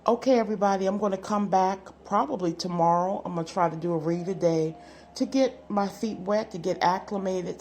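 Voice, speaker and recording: A woman's voice: mid-range voice, a little mellow, a little hiss or hum. A woman doing a casual general tarot reading to camera, chatty and self-assured, often repeating her phrases. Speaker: tarot card reader.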